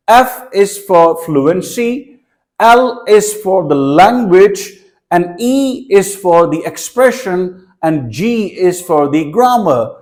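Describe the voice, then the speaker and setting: A man with a Pakistani accent and a notably high speaking voice gives an exam-prep lesson. He explains methodically, restating points and sometimes stumbling over repeated words as he works out his phrasing. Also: darkish tone. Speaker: exam tutor. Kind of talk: teaching lecture.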